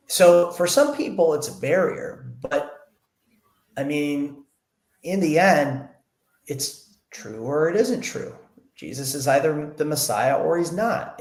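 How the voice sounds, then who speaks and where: A man being interviewed, explaining earnestly in casual conversation and retelling bits of dialogue. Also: medium pitch. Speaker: interview guest. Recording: echoey room.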